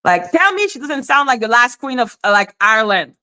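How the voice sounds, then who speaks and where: A woman's voice: on the high side, big pitch swings, a little fast, pushed and bright. Blunt woman ranting to her livestream chat. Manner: blunt, swearing, talks straight to chat. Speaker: livestream host reacting to chat. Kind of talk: casual livestream rant.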